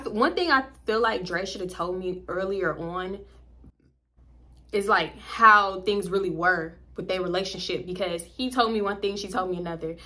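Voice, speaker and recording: A young woman telling a story casually, cursing and acting out what people said. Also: medium pitch. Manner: animated, profane, acts out voices. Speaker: storytime vlogger.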